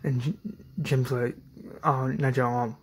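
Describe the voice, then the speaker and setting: A man's voice: medium pitch, flat delivery, a little slow, husky. A man hosting his channel, casually recapping a fan-series episode in a rambling way, full of ums, likes and restarts.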